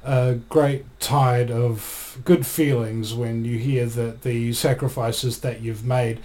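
Mellow-voiced man from New Zealand. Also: medium pitch, fairly even intonation, slow pace. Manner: hesitant, many fillers. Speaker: guest activist. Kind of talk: live stream interview.

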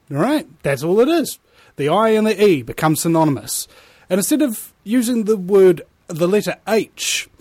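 Kiwi man hosting a talk show, fairly high voice, dry close sound, animated and preachy. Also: no echo. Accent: New Zealand. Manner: animated, preachy, swears casually. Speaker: podcast host. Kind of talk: casual talk show monologue and chat.

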